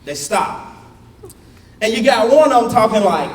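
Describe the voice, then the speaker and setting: A young man on a comedy stage spins a stand-up story, his voice high for a man and swinging widely as he acts out the people in it. He sounds set back from the mic in a roomy hall. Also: unhurried, long pauses, far from the mic. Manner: animated, acts out characters in shifting voices.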